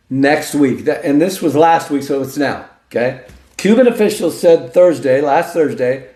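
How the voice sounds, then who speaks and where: A male host delivers a folksy, emphatic political commentary monologue, reading news aloud and cutting in with his own remarks like "okay?" and "listen to this." His voice is a little high with a darkish tone, and the recording has a roomy echo.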